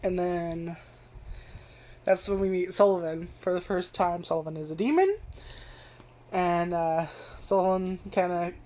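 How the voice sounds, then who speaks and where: A woman's voice: lowish voice, unhurried, long pauses, dark tone. A young woman casually reviewing an anime, rambling and swearing, with lots of "like" fillers. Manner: rambling and profane, heavy use of filler "like".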